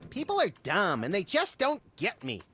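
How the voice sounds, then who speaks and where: An actor voicing a brash, excitable young rabbit-like creature in a video game, bratty and mocking. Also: mid-range voice, moderate pace. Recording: game audio under music.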